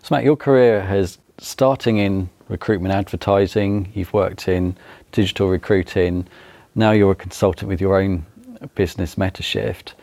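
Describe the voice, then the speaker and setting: A man interviewing a guest, reading a scripted introduction then asking measured questions. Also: sits low, fairly even intonation, creaky, warm tone, no echo.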